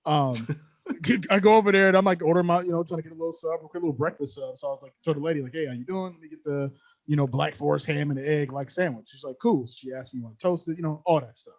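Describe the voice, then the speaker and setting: A young man co-hosting a podcast, telling a story in animated, slangy casual chat and laughing often. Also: a little high, fast, dry recording. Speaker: podcast co-host.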